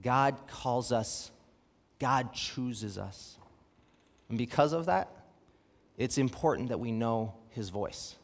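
A young man preaching a sermon, reading scripture and telling a personal story, with lively rhetorical questions. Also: medium pitch, takes it slowly, pauses often. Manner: animated, asks rhetorical questions, reads scripture aloud. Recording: long hall reverb.

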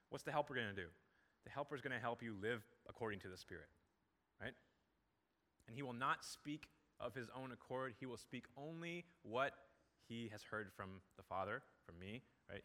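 A man's voice: mid-range voice, pushed and bright. A man preaching a sermon as pastor, earnest and conversational, building emphasis on key points. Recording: long hall reverb.

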